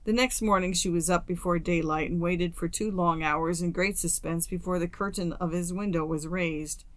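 A woman reading a classic story aloud as an audiobook narrator, in a steady, measured way. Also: lowish voice, no room sound. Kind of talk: scripted narration.

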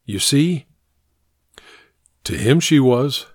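A man narrating an audiobook in an expressive storytelling manner, recorded close to the mic. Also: medium pitch, extremely slow, husky, dry recording.

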